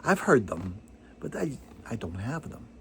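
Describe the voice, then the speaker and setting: A man's voice: mid-range voice, sing-song, unhurried, creaky, slight background noise. An older man hosting a vinyl record channel, chatting casually to camera in a rambling, self-deprecating way, full of digressions and fillers.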